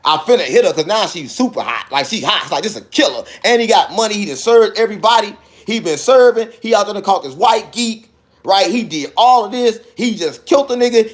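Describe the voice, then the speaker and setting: Animated high-pitched man telling a story. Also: brisk. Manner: animated, acts out dialogue with sound effects like "boom". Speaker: podcast host telling a personal story. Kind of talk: casual storytelling.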